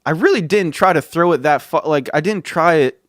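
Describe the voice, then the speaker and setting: A man hosting a casual podcast tells a story with a chuckling, filler-heavy delivery and frequent swearing. His voice sits a little high. The recording is dry and close. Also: animated, a little fast, dry recording. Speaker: podcast host.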